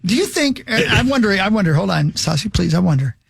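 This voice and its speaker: Male radio co-host, high and gravelly, dry booth sound; teasing, mock-solemn speeches. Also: very animated, fast, no room sound. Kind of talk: casual sports radio banter.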